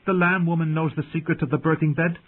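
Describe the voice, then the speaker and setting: Man doing an earnest young handmaid, raised pitch, husky, tinny line. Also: fairly even intonation, quick pace. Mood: insistent. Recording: tinny phone-like audio.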